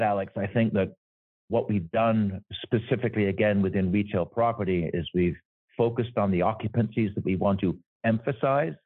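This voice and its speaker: Man, insurance executive, interview answers, explanatory, deep voice, phone-like audio. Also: breathy edge, dry recording. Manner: explanatory, tags points with "right?". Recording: dry, phone-like remote audio.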